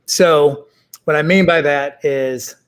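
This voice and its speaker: A man's voice: a little high, clear, resonant tone. A middle-aged man talking casually as an interview guest, with many fillers and restarts. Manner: halting, full of fillers and restarts.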